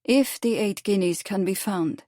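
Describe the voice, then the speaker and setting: A man's voice: high-pitched, a little slow, darkish tone, no room sound, clean studio sound. A woman voicing a gloomy, dispirited jailed Russian anarchist man in an audiobook.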